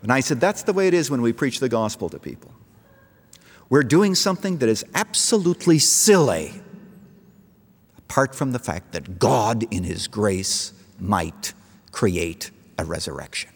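A middle-aged man preaches a sermon, moving from easy storytelling to emphatic calls. His pitch swings widely as he builds. A long echo from a large hall trails each line. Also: sing-song, measured pace, husky. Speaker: pastor.

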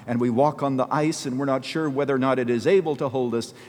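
A man's voice: medium pitch, fairly even intonation, quick pace, a little mellow, in a large hall. A man preaching a sermon as a pastor, telling a story earnestly and pressing hard on key phrases.

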